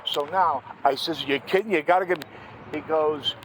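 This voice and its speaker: An older man, ranting angrily in a monologue and clearing his throat often. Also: a little high, moderate pace, fairly bright tone, rough recording. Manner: angry, rambling, repeats "what happens is this". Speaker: vlogger. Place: outdoors by a street. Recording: outdoor street noise.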